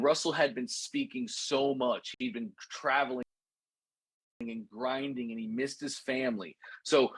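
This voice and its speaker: Husky-voiced man teaching with energy. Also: medium pitch, no room sound. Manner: animated, repetitive, addresses listeners as "guys". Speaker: course instructor. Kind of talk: energetic storytelling lesson.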